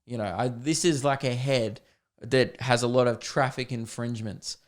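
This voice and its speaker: A young podcast host with a clear, resonant voice, sitting neither high nor low in pitch. He tells an animated comic story, poking fun at himself and swearing casually as he goes. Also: normal speed. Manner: animated, self-deprecating, sweary.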